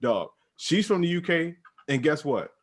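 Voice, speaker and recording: A man's voice: on the high side, big pitch swings, measured pace. An American man co-hosting a podcast, chatting casually in loose slangy banter and telling stories with animation. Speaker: podcast co-host. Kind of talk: casual chat.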